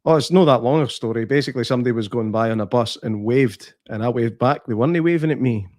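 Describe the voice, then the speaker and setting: A man with a Scottish accent co-hosting a podcast, telling self-deprecating stories in casual chat and clearing his throat often. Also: medium pitch, quick pace, a little mellow, no echo, studio quality. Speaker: podcast co-host.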